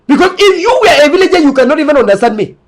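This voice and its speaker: A man from Cameroon, English not his first language, delivers a long lecture to his viewers. His voice sits very high, and he hammers each point with emphatic repetition, like a preacher. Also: expressive, racing. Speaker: online commentator.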